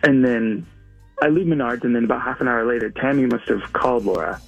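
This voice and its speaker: A man calling in to tell a personal story, hesitant with many ums, his voice gravelly and husky over a lo-fi phone line. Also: mid-range voice, brisk, soft background music. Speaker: caller.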